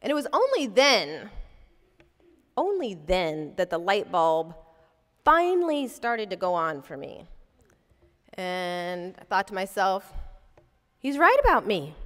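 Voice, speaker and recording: A woman's voice: medium pitch, sing-song, takes it slowly, pauses often. A woman lecturing as a civil rights lawyer, telling a personal story vividly and acting out the voices she quotes. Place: lecture hall. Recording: long reverb from a large hall.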